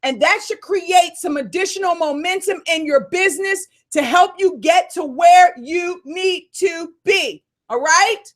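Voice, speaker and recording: A woman coach hosting a live Q&A call, fired up and loud, calling her listeners y'all. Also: very high voice, a little slow, hardly any pauses.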